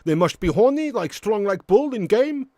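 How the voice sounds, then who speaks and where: Stern manager as a man's impression, halting, blunt. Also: sits high, very animated, warm tone, no room sound, pitched above the performer's own voice. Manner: halting, searching for words.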